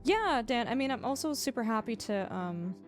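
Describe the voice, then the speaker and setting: Woman streamer, fairly high voice, chatty and teasing, faint music under her. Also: moderate pace. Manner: chatty, animated, teasing, talks to chat. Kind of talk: casual livestream chat while gaming.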